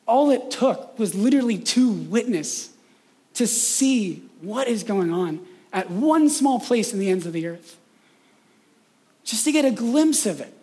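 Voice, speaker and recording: High-voiced conversational male preacher. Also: expressive, a little slow, dark tone. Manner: conversational, frequent "right?" tags, acts out imagined voices. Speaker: pastor. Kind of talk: sermon.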